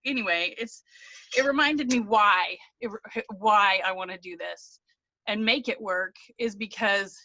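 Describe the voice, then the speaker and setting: Her mid-range voice is sharp-toned and a little slow as this team member gives an emotional video-call testimonial, earnest and almost crying, rambling with restarts. The lo-fi audio has no room sound.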